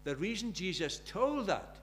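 Older male preacher, high-pitched, earnest sermon delivery with soft asides and fervent peaks. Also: sing-song, normal speed, a little hiss or hum. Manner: earnest, swinging between soft and emphatic, acts out quoted prayers.

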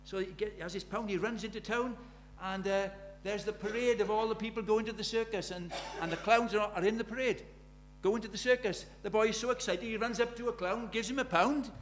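Male preacher, hushed then urgent. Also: high-pitched, fairly even intonation, a little fast, few pauses, a little hiss or hum. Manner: swings from hushed intimacy to loud urgent questions. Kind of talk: sermon.

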